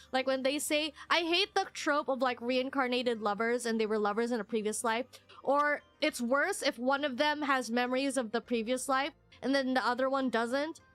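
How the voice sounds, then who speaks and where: Her voice high and free of echo, a young female streamer rambles excitably in a casual chat with viewers, letting out a squeal each time she thanks someone.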